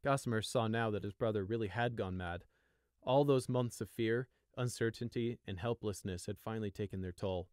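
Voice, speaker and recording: A man's voice: lowish voice, moderate pace, clean tone, no echo, studio quality. Man narrating a storybook. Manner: steady, even storytelling. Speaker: audiobook narrator.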